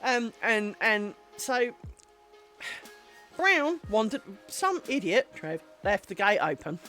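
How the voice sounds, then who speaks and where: A woman's voice: medium pitch, big pitch swings, slow pace, pushed and bright, soft background music. A woman livestreaming her crafting, chatting and telling rambling anecdotes full of ums. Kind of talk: casual chat while crafting. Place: home craft stream setup.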